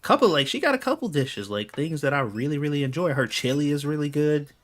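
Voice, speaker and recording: A man's voice: on the high side, lively intonation, brisk. Profane exasperated man telling stories. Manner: profane, exasperated, laughs often. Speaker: gaming video creator. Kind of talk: casual storytelling over gameplay.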